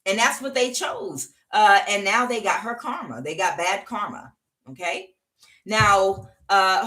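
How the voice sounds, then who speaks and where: A woman's voice: mid-range voice, fairly bright tone. A woman giving a casual tarot reading, talking bluntly with many fillers and frequent "okay?" check-ins. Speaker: tarot reader.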